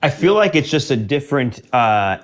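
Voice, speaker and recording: Podcast guest, man, mid voice, casual quick comments. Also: medium pitch, very animated. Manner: brief interjections, quick laughs. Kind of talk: casual chat.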